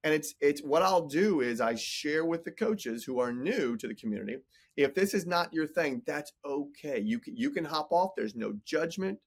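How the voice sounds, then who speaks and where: A man's voice: fairly high pitch, expressive, moderate pace, breathy edge. A man in his forties, a business coach talking in a casual podcast interview, emphatic and motivational, often repeating words. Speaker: business coach and entrepreneur guest.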